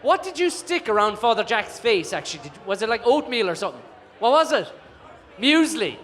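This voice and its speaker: A man's voice: high voice, very animated, quick pace, a bit bright. A man hosting a live film night, upbeat and teasing. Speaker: host.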